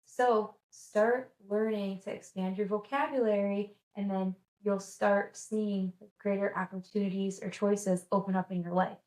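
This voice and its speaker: A woman's voice: mid-range voice, fairly even intonation, a little slow, few pauses, a little mellow, reverberant, low-quality recording. A woman vlogging in a casual, enthusiastic, chatty way, full of "like"s and restarts. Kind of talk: casual chat.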